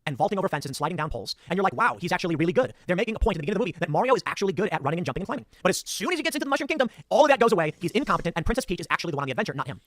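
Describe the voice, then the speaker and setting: A man's voice: sits high, very animated, very fast, hardly any pauses, fairly bright tone, dry recording, studio quality. A man recapping a movie's plot in a critical, opinionated commentary video.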